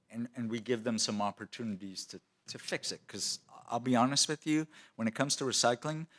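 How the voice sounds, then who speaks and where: A city department official answering questions at a council meeting in a conversational way, with many fillers and restarts. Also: male voice, fairly low pitch, sharp tone.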